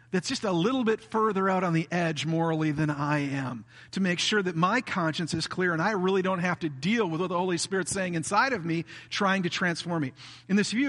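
A man preaching a sermon as a pastor, earnest and steady, now and then acting out a self-righteous voice. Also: high-pitched. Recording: reverberant hall.

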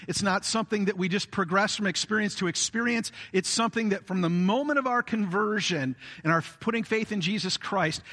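Bright-voiced preacher man in a hall. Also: high-pitched. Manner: earnest preaching with brief acted quotes of a self-righteous voice. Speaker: pastor. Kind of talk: sermon. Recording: reverberant hall.

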